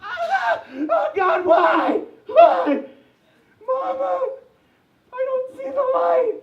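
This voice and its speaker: Screaming little boy, shrill and frantic, echoey distant lo-fi. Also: lively intonation, very slow, vocal fry, a faint crowd, exaggerated voice. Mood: anguished. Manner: shrieking, crying out. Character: panicked young boy screaming in fire. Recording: echoey lo-fi club recording from afar.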